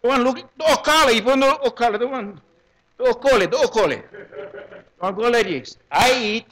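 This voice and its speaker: A man in his seventies with a Hawaiian Pidgin English accent, giving a lively, joking talk to a gathering and repeating words in quick bursts. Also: very high voice. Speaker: presenter at a community gathering.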